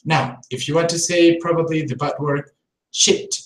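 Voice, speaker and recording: An English teacher on a live-streamed lesson, modelling word pairs slowly and repeating them for contrast, and talking to viewers in the chat. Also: medium pitch, fairly even intonation, echoey room, poor audio.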